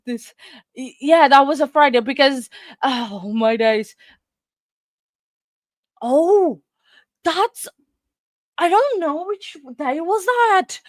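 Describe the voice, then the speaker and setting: A woman's voice: high-pitched, lively intonation, slow, long pauses, no echo, clean studio sound. A woman hosting a true crime channel, out of breath and flustered, rambling to her viewers with nervous laughs. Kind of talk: casual chat to viewers.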